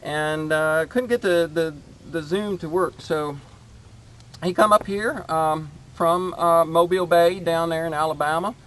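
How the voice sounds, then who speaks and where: A man's voice: a little high, fairly even intonation, fairly bright tone, a little hiss or hum. A man hosting his homestead channel, chatting casually outdoors in his garden and rambling with lots of fillers. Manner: rambling, halting with many fillers.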